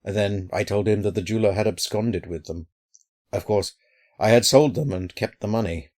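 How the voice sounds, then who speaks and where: A man's voice: fairly low pitch, moderate pace, darkish tone, lightly acted. A man voicing a terrified, furtive man hiding from an enemy, whimpering and sly by turns. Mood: confessing. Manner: whimpering, then sly and cunning.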